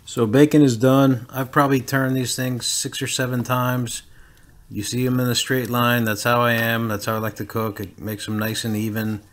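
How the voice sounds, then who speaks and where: A man narrating his own cooking video in a relaxed, matter-of-fact way, sharing little tips as he goes. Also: mid-range voice, moderate pace. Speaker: cooking vlogger. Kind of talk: voice-over narration.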